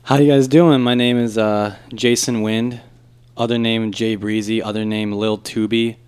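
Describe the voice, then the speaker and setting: A man of twenty-three, a guest on a podcast, talking in joking, animated banter. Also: on the low side, smooth. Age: 20s. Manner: joking, animated, quick to laugh.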